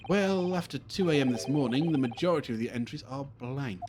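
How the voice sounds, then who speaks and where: A man voicing a theatrical, self-assured British detective, reading with a grand, drawn-out delivery over game music. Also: medium pitch, expressive, background noise, voice pushed up, lightly acted. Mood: grandiose.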